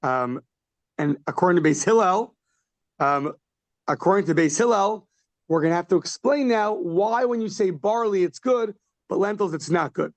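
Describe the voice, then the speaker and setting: A man with a fairly high voice teaches a daily Talmud class. He reads Aramaic phrases, then breaks them down in relaxed, conversational English, often asking questions aloud. The sound is close and dry. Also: normal speed, dry recording. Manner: animated questioning with short laughs. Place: class held in person and over a video call.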